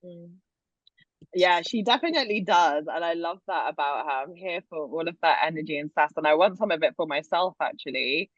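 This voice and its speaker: A woman's voice: fairly low pitch, brisk, no echo. Woman, podcast host, bubbly, enthusiastic, dry close sound, a bit muffled. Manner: bubbly, enthusiastic, lots of "amazing". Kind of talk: casual interview chat.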